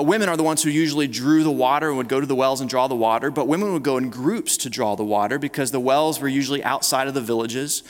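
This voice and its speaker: A man in the middle of a sermon, talking in a relaxed, conversational way that often stops and restarts. His mid-pitched voice carries a long reverb from the church hall around him. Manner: conversational, with frequent restarts and repeated words. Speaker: pastor. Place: church sanctuary.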